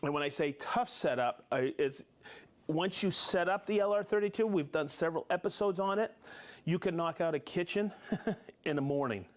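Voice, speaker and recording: Slightly high-voiced guy hosting a live tool demo, jokey and upbeat. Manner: jokey, upbeat, quick bursts of talk. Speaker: host of a tool demo show. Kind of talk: casual live demo chat.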